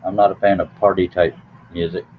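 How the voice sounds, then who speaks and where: A man's voice: deep voice, flat delivery, fairly quick. A man hosting a late-night live stream in a casual, rambling way, teasing his guest with jokes. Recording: tinny phone-like line with faint hiss.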